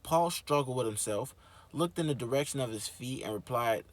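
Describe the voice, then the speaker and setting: A man hosting his own show, reading a book aloud and breaking off into animated, slangy, swearing commentary. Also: mid-range voice, moderate pace. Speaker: host.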